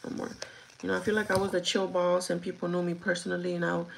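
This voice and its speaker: A woman's voice: fairly low pitch, little pitch movement, fast talker, gravelly, slight background noise, low-quality recording. A woman chatting casually on a live stream, ranting with plenty of swearing.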